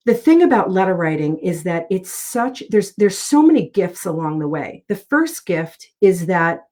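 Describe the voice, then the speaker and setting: A woman's voice: on the low side, very animated, moderate pace, a little mellow. A middle-aged woman, a guest author in a casual interview, talking in an earnest, heartfelt way as she tells personal stories.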